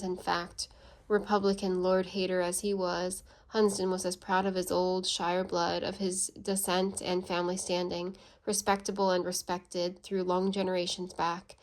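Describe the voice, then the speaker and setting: A woman with a lowish voice reads a classic novel aloud as an audiobook narrator. Her storytelling is measured and even.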